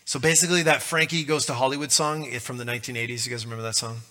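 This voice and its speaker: A man's voice: medium pitch, steady tone, very fast, sharp tone. A male pastor giving a conversational, joking sermon.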